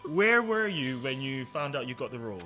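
A man's voice: mid-range voice, big pitch swings, a little fast, pushed and bright, soft background music. A young man interviewing a guest in an enthusiastic, effusive, playful way. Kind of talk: playful promotional chat.

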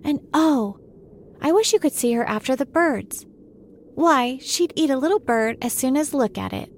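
A woman's voice: high voice, big pitch swings, a little fast, a little mellow, slight background noise, voice pushed up. A woman voicing Alice, a polite, earnest young girl who pleads and chatters eagerly.

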